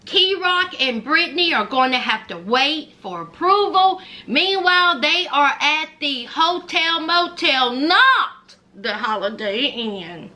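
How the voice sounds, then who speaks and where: A woman's voice: high voice, expressive, slow, hardly any pauses, pushed and bright. A woman giving a sassy, gossipy recap of a reality show, acting out what the cast said. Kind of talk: animated show recap commentary.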